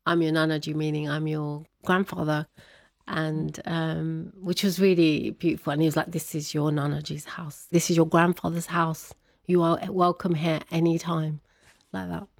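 A woman telling a personal story as an interview guest, laughing often and animated when quoting others. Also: low voice, moderate pace, vocal fry, no echo, studio quality.

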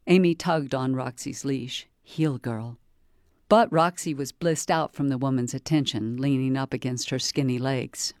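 Low-voiced woman librarian reading aloud. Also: unhurried, a little mellow, no echo, clean studio sound. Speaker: librarian reading a book excerpt. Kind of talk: read-aloud book narration.

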